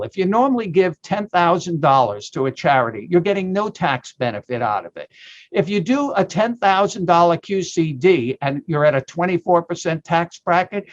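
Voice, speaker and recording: A man, a tax expert guest on a radio show, explaining retirement account rules in an emphatic, punchy way, sometimes slipping into a mock infomercial pitch. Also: dull audio.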